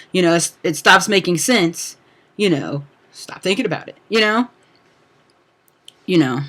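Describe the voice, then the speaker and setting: A man's voice: high-pitched, bright, forceful tone. A young man giving an angry, profane personal rant on a livestream, full of fillers and restarts. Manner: profane, heated, frequent fillers. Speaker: speaker on a livestream talk.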